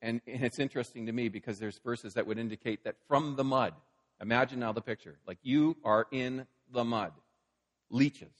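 A man's voice: medium pitch, moderate pace, in a large hall. A man preaching a sermon in a casual, storytelling way, acting out the scenes he describes. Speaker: pastor.

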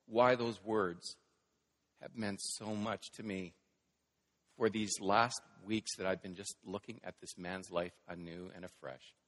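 A man preaching a sermon, dramatic, moving between hushed quiet lines and loud scripture reading. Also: fairly low pitch. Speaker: pastor. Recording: long reverb of a large hall.

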